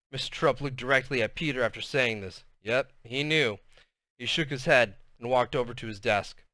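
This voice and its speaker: A man's voice: medium pitch, moderate pace, bright, forceful tone, no room sound. A man reading a children's novel aloud, with casual asides between chapters. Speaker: reader.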